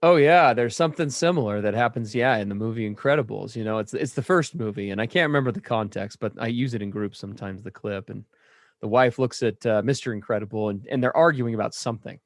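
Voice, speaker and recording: A man's voice: medium pitch, fast talker, no room sound. Earnest, reflective male podcast co-host. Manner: earnest, reflective, self-deprecating. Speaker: podcast co-host, works with men in recovery. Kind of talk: casual conversation.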